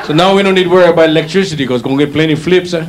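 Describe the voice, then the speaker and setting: A slightly high-voiced, middle-aged comedian with a Hawaiian Pidgin accent fires off lines rapidly while teasing and chatting with people in the audience. The stand-up set takes place on a hotel showroom stage, and the live recording includes crowd laughter and noise.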